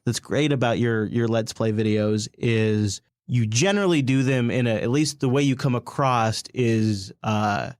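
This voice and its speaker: A man's voice: mid-range voice, unhurried, few pauses, darkish tone, no echo, studio quality. A man co-hosting a casual chat, speaking earnestly and reflectively, with some swearing. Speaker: podcast co-host. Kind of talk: casual chat, giving advice.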